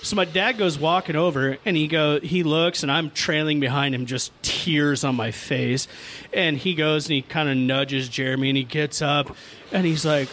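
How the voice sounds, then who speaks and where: A middle-aged man hosting a podcast, telling a childhood story in a profane, animated way and laughing as he goes. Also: a little high, normal speed. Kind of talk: casual storytelling among friends.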